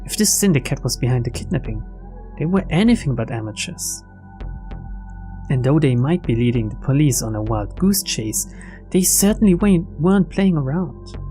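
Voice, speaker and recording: A man's voice: medium pitch, expressive, normal speed, mellow. A man narrating a game casually, with sarcastic, chuckling asides. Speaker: let's play narrator. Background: game music.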